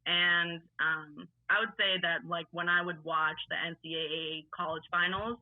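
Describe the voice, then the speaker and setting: A woman's voice: lowish voice, fairly even intonation, moderate pace, dry recording. Young woman, faded long island accent, chatty guest on a call, tinny phone sound, lots of likes and ums. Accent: faded Long Island New York. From Long Island, New York. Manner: chatty, filler-heavy storytelling with laughs. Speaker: guest, lacrosse player and coach. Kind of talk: casual podcast chat.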